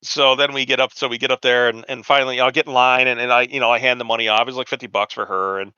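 A man's voice: mid-range voice, steady tone, very fast, sharp tone, smooth, no echo, highs cut off. A man in his forties telling a long, profane, rambling anecdote on a casual podcast, acting out the quotes of people he met. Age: 40s. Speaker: podcast host. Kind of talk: casual storytelling chat.

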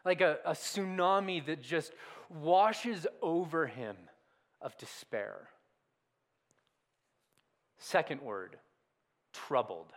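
A man's voice: fairly high pitch, expressive, slow pace, long pauses. A man preaching a sermon in a conversational, questioning way. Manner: conversational, self-deprecating preaching with rhetorical questions. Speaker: pastor.

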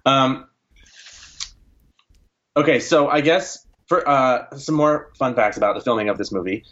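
A podcast co-host sharing film trivia in casual chat, relaxed, with many fillers. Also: mid-range voice, a little slow, dull audio.

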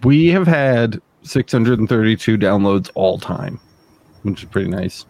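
A man's voice: lowish voice, lively intonation, measured pace, creaky, darkish tone, no echo. A man hosting a casual podcast, talking in a dry, matter-of-fact way. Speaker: podcast host. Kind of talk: casual chat.

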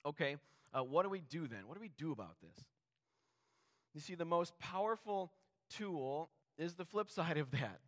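A man's voice: fairly high pitch, lively intonation, moderate pace. A man preaching a sermon as pastor, talking earnestly and conversationally, with many rhetorical questions to the congregation.

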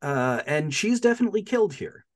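Male podcast co-host, lively pitch swings, chatty film recap full of laughs and fillers. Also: fairly quick. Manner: animated storytelling, laughs often, frequent fillers. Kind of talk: casual film-recap chat.

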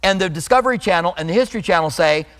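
High-voiced preacher in a reverberant hall. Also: male voice, lively intonation, a bit bright. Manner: earnest preaching with emphatic slow stresses and scripture readings. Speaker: pastor. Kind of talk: sermon.

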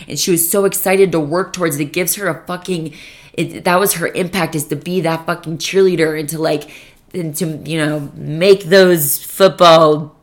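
Young female solo podcast host, low voice, profane, rambling, heavy "like" fillers. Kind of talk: casual solo podcast monologue. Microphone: podcast microphone.

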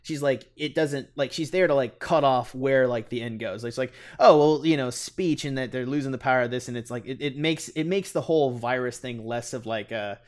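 A man's voice: mid-range voice, fairly quick, few pauses. A man hosting a movie podcast, talking in a rambling casual way with many fillers. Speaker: podcast host. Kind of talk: casual chat and host-read ad.

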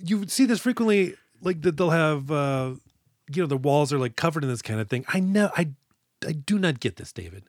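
A man's voice: fairly high pitch, very animated, fairly quick, no echo. Joking male podcast host, dry sound. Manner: jokey, acts out movie lines in quoted voices. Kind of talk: casual movie podcast chat.

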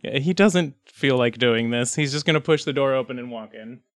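A man playing a tabletop game, joking and bursting out loudly at times. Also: mid-range voice, a little fast, no echo. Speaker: player. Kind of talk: casual tabletop play.

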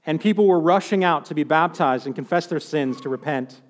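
Male preacher, high voice, chatty sermon with wry asides; long hall reverb. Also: fairly quick. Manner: conversational, with joking asides.

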